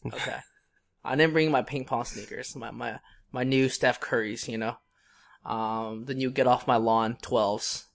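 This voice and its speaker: Young dude podcast cohost, animated rambly storytelling, mid pitch. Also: male voice, measured pace, gravelly. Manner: rambling, animated storyteller with many fillers and restarts. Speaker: podcast co-host. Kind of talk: casual storytelling chat.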